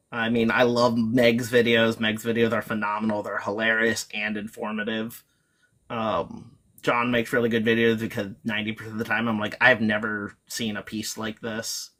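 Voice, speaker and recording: Bright-voiced chatty man. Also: lowish voice. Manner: rambling, filler-heavy, self-interrupting. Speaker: guest reseller. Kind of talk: casual live-stream chat.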